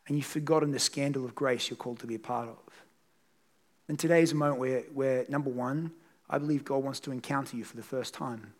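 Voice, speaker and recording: A man's voice: mid-range voice, fairly even intonation, fairly quick. A man preaching a sermon as pastor, speaking earnestly and directly to his congregation in a church service. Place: church service in a large room.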